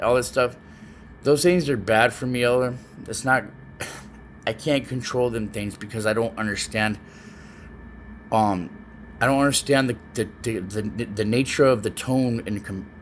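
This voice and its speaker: Halting, earnest man in a video message. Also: mid-range voice, slight background noise. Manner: halting, earnest, repeats words often. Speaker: parent speaking to his child. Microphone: self-recorded video, facing the camera.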